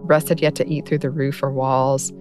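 A woman reading a story aloud in a soft, measured narration. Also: rumbling low, flat delivery. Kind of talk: scripted audiobook narration. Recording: narration over clear music bed.

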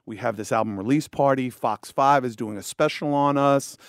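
A middle-aged man telling a story in casual chat, profane and animated. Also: mid-range voice, normal speed, dry recording, clean studio sound. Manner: profane, animated, acts out voices.

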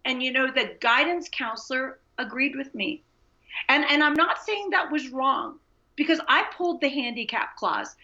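A woman guest being interviewed, telling a personal faith story in an animated, earnest way. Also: sits high, normal speed. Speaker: guest, Christian author and speaker. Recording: dull lo-fi sound.

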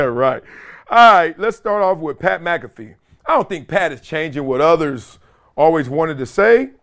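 Animated middle-aged man hosting. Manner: animated, cocky, laughing often, swings from loud to low. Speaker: show host. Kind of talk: casual commentary reading viewer comments.

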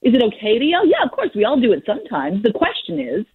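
Woman, parenting expert, blunt and husky, phone-quality sound. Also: a little high, huge pitch swings, quick pace, no echo. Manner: frank, plainspoken, mild swearing. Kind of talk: casual advice talk. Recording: muffled phone-like line.

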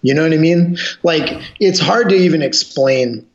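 A man's voice: on the high side, moderate pace. A man talking as a guest on a casual podcast, swearing freely and telling blunt stories about coaching. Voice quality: profane, blunt storytelling. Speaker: guest, jiu-jitsu gym owner and coach. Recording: echoey room, dull lo-fi sound.

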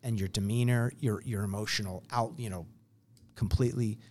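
A man's voice: on the low side, steady tone, brisk, a little mellow, a little hiss or hum. A man in a conversational interview, explaining his program earnestly, telling stories and acting out quotes along the way. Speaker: program founder.

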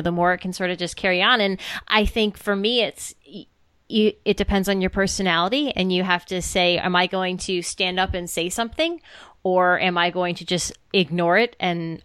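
Chatty woman podcast co-host, smooth voice. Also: lowish voice, a bit bright, dry recording. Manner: chatty, storytelling, many fillers. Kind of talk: casual chat.

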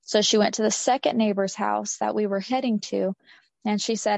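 A woman's voice: medium pitch, fairly even intonation, moderate pace, vocal fry, darkish tone, dry recording. A woman recounting a personal story in an interview, earnest and repeating phrases for emphasis. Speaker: interview guest. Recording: dull lo-fi sound.

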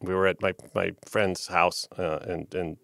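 A record label executive telling an animated story in a casual interview, profane and often tagging lines with "right?". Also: male voice, deep voice, measured pace, gravelly, no echo, studio quality.

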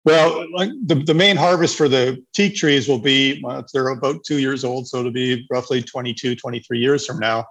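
Gravelly, husky man explaining casually. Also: mid-range voice, fairly even intonation, moderate pace, hardly any pauses, fairly bright tone, poor audio. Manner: rambling, with many restarts and fillers. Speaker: agroforestry project presenter. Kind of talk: casual webinar presentation.

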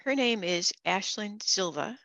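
A woman's voice: medium pitch, expressive, unhurried, gravelly, a bit bright, no room sound. A woman hosting a podcast, talking casually and chattily, laughing and restarting her sentences. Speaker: podcast host. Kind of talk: casual interview chat.

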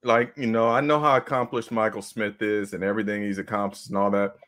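A man hosting a sports talk show, measured and rising when excited. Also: fairly low pitch. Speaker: host.

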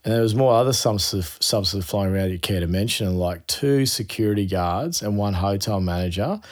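An Australian man with a fairly low voice tells animated stories in a relaxed interview. He talks as a youth worker, full of casual slang. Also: a little fast. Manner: animated, laughing anecdotes with slang.

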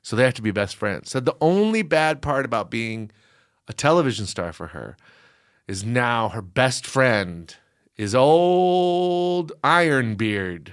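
Snarky cohost, crude deadpan jokes, pitch all over the place. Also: normal speed. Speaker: podcast co-host. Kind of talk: casual chat.

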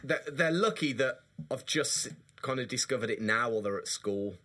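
A man in his thirties chats on his podcast with a bright, slightly husky voice. He is animated and jokey, quick to exaggerate and laugh. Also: medium pitch. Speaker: podcast co-host. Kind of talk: casual chat.

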